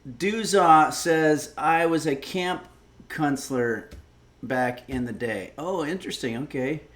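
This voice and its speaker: A man's voice: fairly high pitch, slow, a bit bright. Rambling, wry livestream cooking host, a man. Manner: rambling, wry, swears when irritated. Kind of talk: casual livestream chat.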